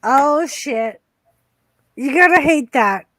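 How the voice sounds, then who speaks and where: A woman's voice: high voice, expressive, slow, fairly bright tone, dry recording. A woman with a Boston accent hosting a casual watch party stream from home, giggling, teasing and swearing freely. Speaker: stream host.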